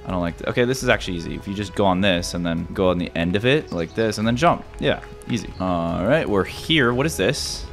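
Young man, gaming commentary, excitable, yelps and repeats, lively pitch. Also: brisk, creaky, few pauses, faint music behind. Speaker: gaming YouTuber. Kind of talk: let's-play commentary.

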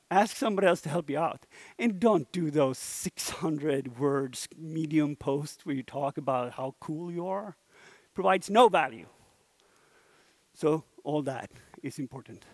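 A young Swedish man with a Swedish accent giving a casual, animated conference talk and swearing now and then. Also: sits high, no room sound. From Sweden. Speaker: conference speaker. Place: conference hall stage.

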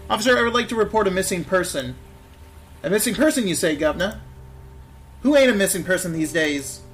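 A man voicing a lazy, corrupt London policeman who talks in loud, scornful slang. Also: high-pitched, expressive, fairly quick, faint music behind. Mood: brash.

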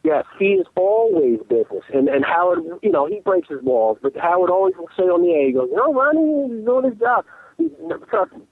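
A man's voice: sits high, sing-song, fairly quick, dry recording. A man calling in as a guest who tells stories animatedly and keeps restarting his sentences. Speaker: call-in guest. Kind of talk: casual phone interview. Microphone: telephone. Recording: tinny phone line.

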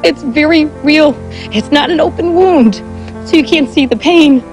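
A woman making an impassioned appeal in short, pleading, forceful statements. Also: high-pitched, normal speed, faint music behind, rough recording.

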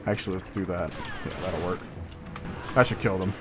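A man's voice: low-pitched, normal speed, music in the background. A man commenting casually on the game he is playing and swearing freely as he goes. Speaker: let's play gamer.

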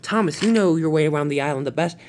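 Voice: mid-range voice, fast talker, lightly acted. A narrator voicing a timid, magical female steam engine in a homemade toy-train story, with faint noise behind. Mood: worried. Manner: worried, apologetic.

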